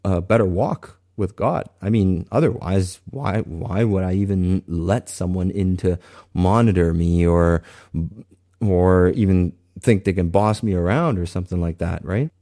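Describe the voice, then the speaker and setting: A man sharing a personal faith testimony in an earnest, halting way, often restarting his sentences. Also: sits low, warm tone.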